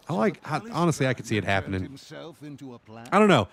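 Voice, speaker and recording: A man's voice: mid-range voice, quick pace, pauses often, faint music behind. A man streaming a game and chatting casually, swearing freely and ranting with animation. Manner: profane, animated rant.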